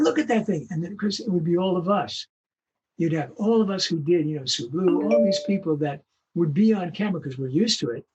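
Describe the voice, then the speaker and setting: An older male voice actor telling animated anecdotes in an interview, acting out the voices of the people he quotes. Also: on the high side, breathy edge. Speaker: guest voice actor. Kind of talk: storytelling interview.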